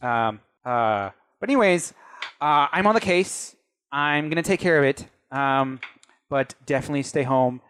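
A man's voice: mid-range voice, expressive, moderate pace, fairly bright tone, smooth. Male game master, rambling narration, mid-range voice. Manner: rambling, filler-heavy.

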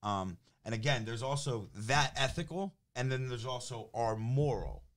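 A man's voice: mid-range voice, normal speed, fairly bright tone. A man with a New Jersey accent telling a story in casual conversation, acting out both sides of phone calls and getting heated. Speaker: business development director. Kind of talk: animated storytelling in casual chat.

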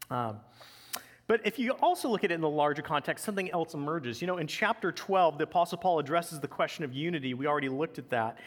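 A pastor delivering a conversational sermon with casual asides. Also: male voice, fairly high pitch, expressive, fast, long reverb tail.

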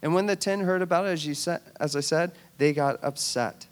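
A male pastor preaching a conversational sermon, retelling a scripture story in an animated, storytelling way. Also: a little high, brisk.

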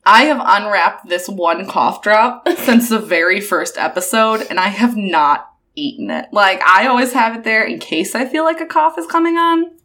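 A woman's voice: mid-range voice, normal speed, fairly bright tone. A young woman co-hosting a podcast in casual chat, laughing often and swearing freely. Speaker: podcast co-host.

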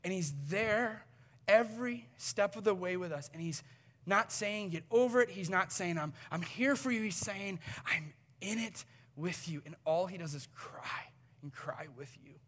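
A male pastor with a high, bright, ringing voice delivers a sermon. He swings from loud, urgent appeals down to hushed, near-whispered lines. He acts out small quoted exchanges as he goes. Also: a little slow.

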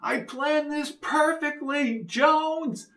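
A man reading an audiobook, voicing a furious male gunman who slurs and shouts threats in a much higher pitch. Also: drawn-out words, heavily acted. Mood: gloating. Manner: shouting from far off.

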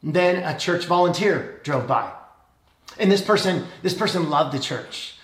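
A man's voice: on the high side, expressive, unhurried, fairly bright tone, echoey room. A man, giving a casual, jokey sermon in a conversational way. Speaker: pastor.

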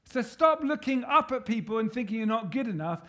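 High-voiced man preaching an emphatic sermon. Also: animated, brisk, pushed and bright. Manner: emphatic, rallying the congregation with call-and-response questions.

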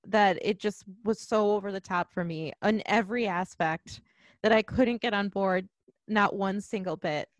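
A woman's voice: mid-range voice, a little slow, dry recording. A woman chatting casually about a movie she disliked, blunt and sarcastic, often laughing at it. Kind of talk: casual movie review chat.

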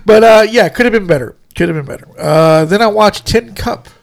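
A man co-hosting a podcast, chatting casually about movies, laughing often and swearing, with many drawn-out fillers. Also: high voice, gravelly. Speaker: podcast co-host.

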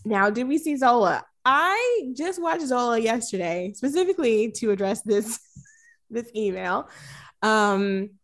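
A woman's voice: fairly high pitch, expressive, a little slow. Rambling woman podcast host, laughing often. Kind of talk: casual film-review chat.

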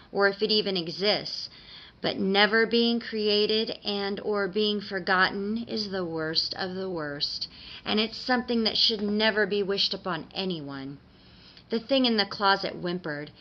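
A woman narrating a dark fairy-tale story as a steady reader, on slightly dull audio. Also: medium pitch.

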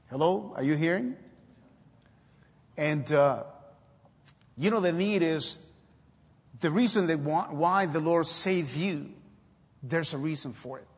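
A man's voice: fairly high pitch, measured pace, slightly rough. A man preaching a sermon in a church, hesitant with many fillers but breaking into emphatic exhortations. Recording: long hall reverb.

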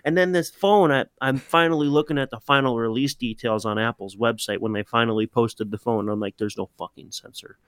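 A young man co-hosting a casual podcast, telling animated, swear-filled stories in a relaxed chat. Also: medium pitch, brisk, hardly any pauses, clean tone, dry recording. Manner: animated storytelling, swears, mimics himself. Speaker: podcast co-host.

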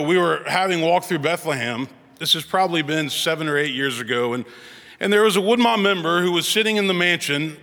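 A man's voice: high-pitched, sharp tone. A man preaching a Christmas sermon in a church sanctuary, earnest and storytelling, often stumbling over repeated words. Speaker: pastor. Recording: long hall reverb.

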